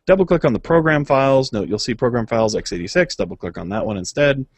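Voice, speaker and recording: A man's voice: medium pitch, lively intonation, fast, dry recording. A man co-hosting a gaming podcast, reading patch notes aloud and chatting casually, with frequent filler uhs and small chuckles. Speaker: podcast co-host.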